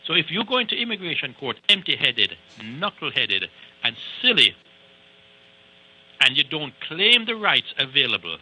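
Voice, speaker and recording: A man's voice: fairly high pitch, very animated, moderate pace, sharp tone, low-quality recording. A man who is an immigration attorney, giving emphatic, lecturing advice on a call-in radio show and repeating points for stress.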